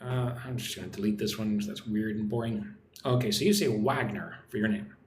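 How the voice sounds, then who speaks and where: A man from Texas runs a live English lesson, reading viewers' comments and breaking words down syllable by syllable. He talks in a friendly, chatty way and keeps checking in with "right?". His voice carries a roomy echo over a faint hum of background noise. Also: on the low side. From Texas, United States. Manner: chatty, explains words slowly and repeats them, says "right?" often. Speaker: English teacher hosting a livestream.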